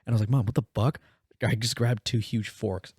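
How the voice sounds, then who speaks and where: A man's voice: mid-range voice, steady tone, fairly quick, darkish tone, husky, dry recording, clean studio sound. A man co-hosting a podcast, telling a story in casual, profane chat and acting out the quotes. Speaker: podcast co-host.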